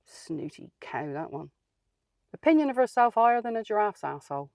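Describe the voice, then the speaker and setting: A woman's voice: mid-range voice, very animated, moderate pace, vocal fry, darkish tone, no echo. A woman playing a feisty, outspoken older lady, telling a comic story in a dry, sardonic way. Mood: wry. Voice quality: dry, plain-spoken and sardonic. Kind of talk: comic character monologue.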